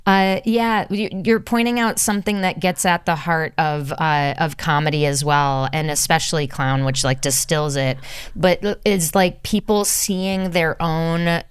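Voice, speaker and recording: A woman's voice: low voice, measured pace, clear, resonant tone, dry recording, studio quality. A woman hosting a podcast interview, riffing playfully, laughing and thinking aloud. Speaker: podcast host. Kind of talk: casual interview chat.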